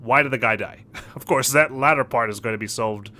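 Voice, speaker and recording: A young man giving jokey, animated commentary on a video game he plays. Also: medium pitch, fairly quick. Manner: animated, jokey, laughing asides. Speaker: let's play host. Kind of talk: casual gameplay commentary.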